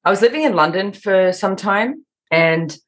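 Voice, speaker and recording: A woman with an Australian accent, a podcast guest calling in remotely and telling lively stories about her past, often quoting herself. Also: mid-range voice, normal speed. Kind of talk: casual interview chat. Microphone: remote call-in.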